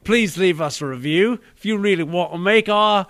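A hammy, overplayed mock British gentleman bluffs through a show's sign-off, as a man puts him on. The voice sits higher than his usual and lands every slang word with gusto. The sound is dry and close. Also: normal speed, dry recording. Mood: jokey. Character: mock British gent doing a podcast outro.

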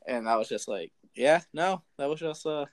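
A man with a fairly high voice tells a story in casual chat. He is lively and animated, and he slips into the voices of the people in his tale as he goes. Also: normal speed. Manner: lively, acts out quoted voices. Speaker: storyteller recounting a school memory.

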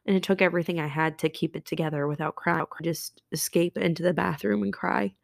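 Podcast host, woman, nurse; low voice with vocal fry, emotional and halting, dry close sound. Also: steady tone, dry recording. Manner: emotional, halting, many restarts and fillers. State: close to tears. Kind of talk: personal confessional podcast monologue.

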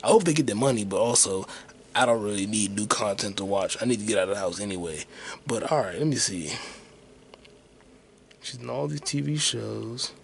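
Gravelly, profane podcast host muttering. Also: male voice, fairly low pitch, normal speed, a little hiss or hum. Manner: profane, muttering to himself while searching online. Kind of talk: casual solo podcast rambling.

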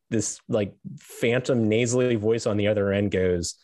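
A man's voice: low-pitched, fairly even intonation, a little fast, darkish tone, dry recording. A middle-aged man, a podcast guest, telling a long personal story in a rambling way, correcting himself and chuckling as he goes. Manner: rambling, self-correcting, laughs as he tells stories.

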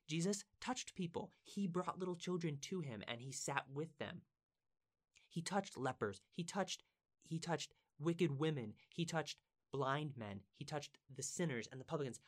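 A man teaching from the Bible in a casual, conversational way. He is earnest and emphatic, repeats words for stress and asks his listeners questions. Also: a little high.

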